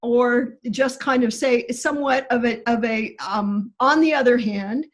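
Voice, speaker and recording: A woman's voice: a little high, a little slow, poor audio. A woman guest on a podcast, explaining Greek grammar precisely and stressing key words.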